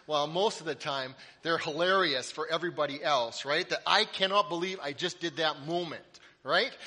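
A middle-aged man preaching a sermon in a church, telling lively stories with playful asides. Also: sits high. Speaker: pastor. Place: church sanctuary. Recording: long hall reverb.

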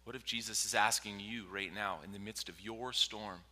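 Forceful preacher in a reverberant hall. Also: male voice, on the low side, fairly even intonation, moderate pace, few pauses. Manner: swings from loud and forceful to hushed whispers. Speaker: pastor. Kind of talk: sermon. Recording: long reverb from a large hall.

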